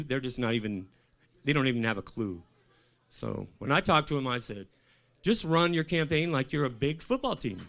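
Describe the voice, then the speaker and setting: A man from Colorado working a small club stage at an open mic. His pitch swings widely as he rambles through deadpan stories and throws questions at the crowd. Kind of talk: stand-up comedy set.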